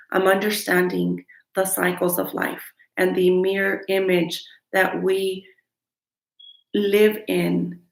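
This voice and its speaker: In an earnest, candid self-help vlog, a woman speaks frankly to her viewers with motivational talk. Her voice is lowish with vocal fry, recorded in an echoey room.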